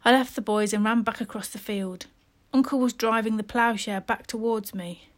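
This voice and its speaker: A woman's voice: fairly high pitch, steady tone, moderate pace. Woman reading a storybook aloud. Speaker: storybook reader. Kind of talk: first-person story narration.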